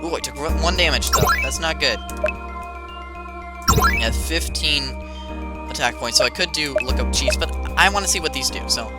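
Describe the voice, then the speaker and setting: A game creator playing through their own homemade game, rambling and playful with quick asides between game lines. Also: mid-range voice, expressive, loud music behind the voice, low-quality recording. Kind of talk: let's-play commentary.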